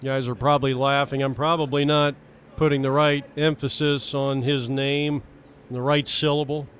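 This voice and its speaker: A man doing baseball play-by-play commentary, with chatty asides and excited rises on big plays. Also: mid-range voice, moderate pace, a little hiss or hum. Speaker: play-by-play announcer.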